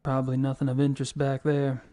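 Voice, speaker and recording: An actor playing a plainspoken adult male detective partner in a video game, with a flat, matter-of-fact delivery. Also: mid-range voice, fast, natural voice.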